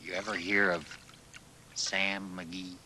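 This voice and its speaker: An actor playing an eager, folksy gold-rush prospector who buttonholes a writer in a filmed drama. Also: male voice, low-pitched, flat delivery, takes it slowly, background noise. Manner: folksy, colloquial. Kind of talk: film drama acting.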